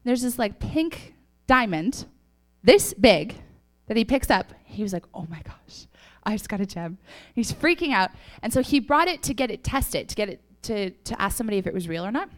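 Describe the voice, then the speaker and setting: A woman's voice: a little high, lively intonation, moderate pace. A young woman giving a casual testimony to a church audience, telling stories chattily with laughs and fillers, a little sniffly. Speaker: church speaker.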